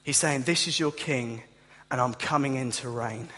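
A man's voice: medium pitch, normal speed, long reverb tail. A man preaching a sermon, telling stories with humour and acting out the voices of the people in them. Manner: animated storytelling, acts out voices with humour.

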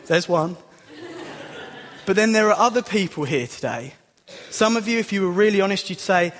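A man's voice: high voice, expressive, fairly quick, fairly bright tone. A young man giving a chatty, self-deprecating sermon as a youth leader in a church. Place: church hall. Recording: long hall reverb.

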